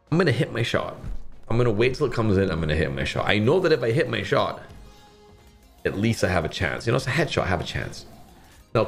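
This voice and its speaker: A young man from Barbados streams slots, rambling casually with lots of swearing and sudden shouted bursts. His voice is lowish, with vocal fry.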